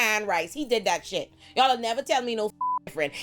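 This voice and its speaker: Woman host, lively profane show recap, mid pitch; plays characters in quick mocking asides. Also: faint music behind. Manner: animated, profane, mimics characters in quoted bits. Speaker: pop culture commentator. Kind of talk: casual TV recap.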